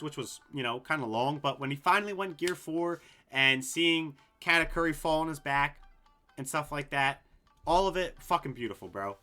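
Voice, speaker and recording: A young man casually ranking anime story arcs, excitable and rambling, swearing a lot and full of fillers. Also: a little high. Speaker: anime video host.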